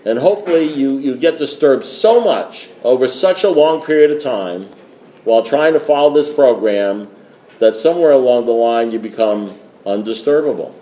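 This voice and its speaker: A man's voice: mid-range voice, animated, normal speed, dark tone, roomy sound, a little hiss or hum. A man telling a rambling, joking story at a recovery meeting. He repeats himself as he goes.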